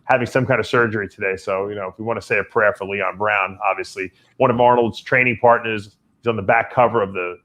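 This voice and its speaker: A man hosting a casual talk radio show, telling rambling stories in an animated way. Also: on the low side, fast talker, few pauses. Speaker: podcast host.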